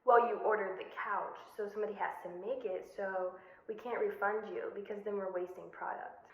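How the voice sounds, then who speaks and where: A woman voicing a dismissive male furniture store clerk who flatly brushes off complaints, in a vlog. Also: medium pitch, a little fast, natural voice. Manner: flat, indifferent, brushing off complaints. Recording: echoey room.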